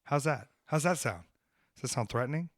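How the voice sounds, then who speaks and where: A man's voice: mid-range voice, lively intonation, fairly quick, dry recording. A man with a mid-range voice trash-talks on a podcast in a brash, comic, ranting way. The sound is dry and close on a studio mic. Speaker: podcast host and wrestler. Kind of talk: casual podcast chat.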